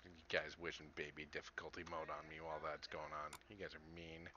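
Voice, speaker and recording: A man's voice: very deep voice, little pitch movement, fairly quick, pushed and bright, dull audio, slight background noise. A man streaming a game live, commenting casually as he plays, chatting to viewers and chuckling often. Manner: chuckles often, chats to viewers while playing.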